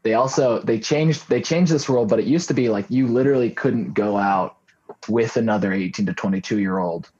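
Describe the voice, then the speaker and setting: A young man in casual podcast chat, rambling and joking with deadpan tall tales. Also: lowish voice, brisk, breathy edge. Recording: dull lo-fi sound.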